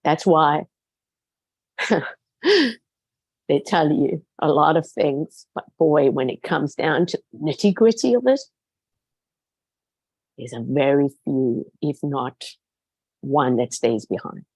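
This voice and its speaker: A woman's voice: low-pitched, animated, slow, long pauses, darkish tone, slightly rough, no echo. Earnest woman guest, dry close sound. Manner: earnest and emphatic, repeats words for stress. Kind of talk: heartfelt personal testimony in a conversation.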